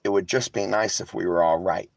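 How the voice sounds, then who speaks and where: The voice is low, fairly even in intonation, a little fast, and has vocal fry, with no echo. It belongs to a weary, emotional vlogger chatting to viewers from a vehicle and reading live chat, rambling candidly with sarcasm and free swearing.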